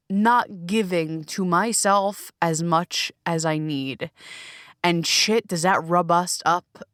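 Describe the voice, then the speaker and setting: A woman's voice: fairly low pitch, slow, dry recording, clean studio sound. A woman hosting her own podcast and coaching, talking alone in a candid, emphatic way with plenty of swearing, recorded in a small closet. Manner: candid, profane, emphatic and expressive. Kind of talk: solo podcast monologue.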